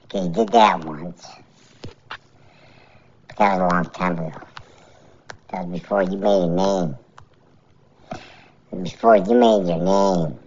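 A woman giving casual, joking MMA fight picks and grades, animated and laughing often, on a dull lo-fi recording. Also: very deep voice, slow, pauses often.

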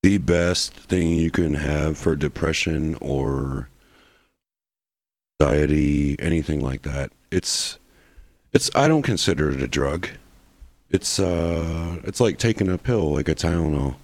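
A man's voice: extremely low pitch, takes it slowly, a little mellow, no echo. A man chatting loosely as a podcast guest, profane and full of restarts. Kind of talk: casual podcast chat.

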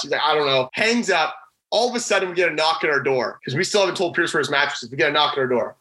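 Poor audio captures a young man with a fairly high voice, once a college hockey player, telling a prank story in a casual interview. He animatedly performs his friends' lines in their voices.

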